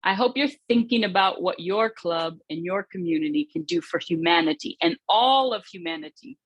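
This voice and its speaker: A woman's voice: on the low side, animated, moderate pace, dry recording, highs cut off. A woman giving an earnest, reflective keynote speech, telling a personal story and asking rhetorical questions. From United States. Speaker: conference speaker, former footballer.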